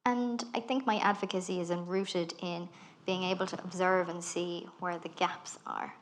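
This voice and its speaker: Irish woman, about thirty, talk guest; brisk, animated, acts out her quotes. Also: on the low side, slight background noise. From Ireland. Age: 30s. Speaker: guest speaker. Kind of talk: live onstage conversation. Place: festival talk stage.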